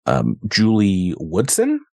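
A man co-hosting a podcast, chatting about a film in a relaxed way, laughing often and hesitating with fillers. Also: fairly low pitch, slow pace, creaky, dry recording, clean studio sound. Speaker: podcast co-host. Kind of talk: casual film-review chat.

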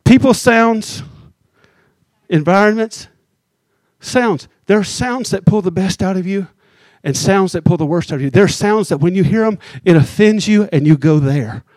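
High-voiced preacher, dry close sound. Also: male voice, darkish tone, no echo. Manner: conversational preaching, teasing the congregation, slows down for emphasis. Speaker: pastor. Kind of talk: sermon.

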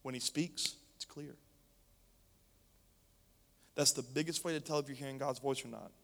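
A man's voice: medium pitch, fairly even intonation, normal speed, bright, forceful tone. A male preacher reading scripture and preaching emphatically, speaking straight to his congregation. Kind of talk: sermon. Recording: long hall reverb.

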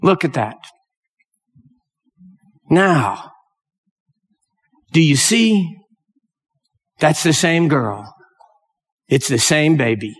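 A man's voice: a little high, lively intonation, drawn-out words, pauses often, husky, long reverb tail, soft background music. A man preaching a sermon, telling a story with rising emotion and urging his listeners on. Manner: emotional, rising to impassioned exhortation.

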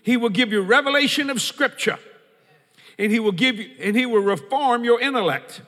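A man's voice: very high-pitched, animated, normal speed, fairly bright tone, long reverb tail. A man preaching a sermon as pastor, quoting scripture and repeating key lines for emphasis.

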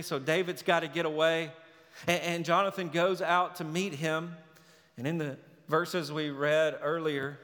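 Male pastor, higher voice, earnest sermon delivery, long reverb of a church hall. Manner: earnest preaching, swinging from loud urgency to hushed tenderness.

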